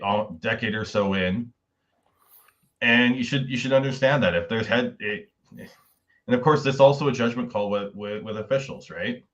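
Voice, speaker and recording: Low-voiced man on muffled audio. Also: a bit bright. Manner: rambling, listing thoughts aloud. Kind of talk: casual podcast conversation.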